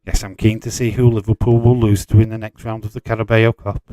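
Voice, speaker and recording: A man's voice: fairly low pitch, little pitch movement, brisk, mellow. Chatty man hosting a live watch-along. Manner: chatty, teasing, swears freely. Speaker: watch-along host reading viewer chat. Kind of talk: casual live commentary and chat.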